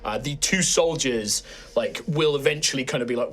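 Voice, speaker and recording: A man's voice: medium pitch, big pitch swings, moderate pace, faint music behind. A man running a tabletop game as game master, narrating at length with many fillers. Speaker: dungeon master.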